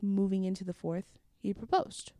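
Young female guest, casual storyteller, gravelly voice, does lively voices for the people in her story. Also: moderate pace, no echo, studio quality. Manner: animated, acts out quotes with big jumps in pitch. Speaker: interview guest.

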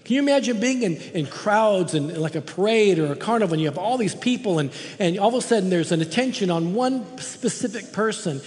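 A high-pitched man delivers an impassioned sermon from a church platform. He presses his points hard and repeats words for stress. His voice rings out with the long reverb of a large hall. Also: animated, fairly quick, hardly any pauses, darkish tone. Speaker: guest preacher. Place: church sanctuary.

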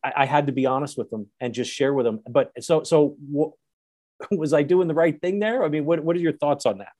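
A man's voice: on the high side, fairly quick, a little mellow, no room sound, studio quality. A man hosting a podcast interview. He asks his guest questions in a casual, amused way and answers with short replies. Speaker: podcast host.

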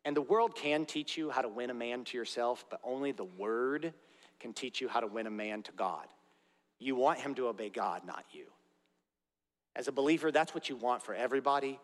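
A man's voice: mid-range voice, normal speed. A man preaching a sermon as pastor, earnest and direct, with conversational asides to the congregation in a church. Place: church sanctuary. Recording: long reverb of a large hall.

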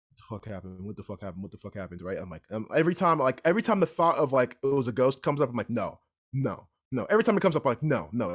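A young man telling a story in casual chat, animated and repeatedly asking "right?". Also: mid-range voice. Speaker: podcast guest storyteller.

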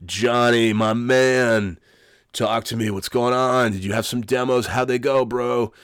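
A man with a cold putting on an overly upbeat male salesman who answers the phone loud and hyped. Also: mid-range voice, fairly even intonation, clear, resonant tone, no room sound, studio quality, pitched above the performer's own voice, natural voice. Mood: pumped-up. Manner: brash, hyped, drawn-out greetings. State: has a cold.

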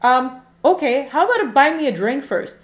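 On a laid-back podcast, this co-host has a high voice and speaks at a normal speed, with the room audible around her. She recounts a dating story with lots of animation, performing the quoted texts she got.

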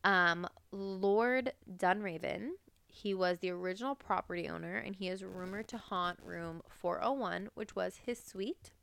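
A woman's voice: medium pitch, unhurried, vocal fry, a bit bright. A young woman co-hosting a podcast, chatting casually through ghost stories with lots of "like" fillers. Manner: chatty, many "like" fillers, breaks into laughter. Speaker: podcast co-host. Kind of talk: casual true-crime and ghost story chat.

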